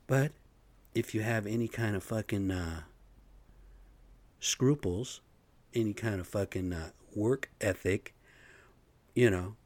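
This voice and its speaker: Blue-collar man venting alone, profane and rambling, low pitch, dead-dry room. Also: darkish tone, no echo. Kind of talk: casual solo rant.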